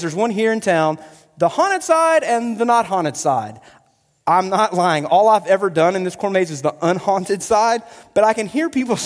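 A man preaching with a notably high voice, his animated, humorous storytelling ringing out. Long reverb trails every phrase, as in a big church hall. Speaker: pastor. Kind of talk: sermon.

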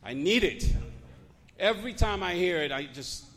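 A man's voice: sits high, lively intonation, normal speed, a bit bright. A Puerto Rican man hosting a live stand-up comedy show, telling jokes and laughing along at his own material. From Puerto Rico. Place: comedy club stage.

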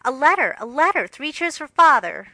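A spirited, boyish teenage girl with big dramatic delivery, read by a woman. Her tone is bright and forceful, close and dry, as in a storybook reading. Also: fairly high pitch, moderate pace, dry recording. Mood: excited. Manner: emphatic and theatrical. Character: bold boyish teenage girl, playwright sister.

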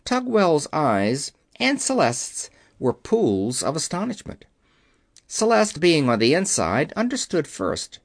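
A man's voice: fairly high pitch, huge pitch swings, measured pace, no room sound, studio quality. A man narrating a novel as an audiobook reader. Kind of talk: scripted narration.

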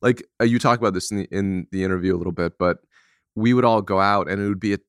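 A man's voice: low voice, quick pace, clean tone, no room sound, studio quality. A man co-hosting a podcast, chatting casually in a rambling way with lots of restarts. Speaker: podcast co-host. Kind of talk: casual chat.

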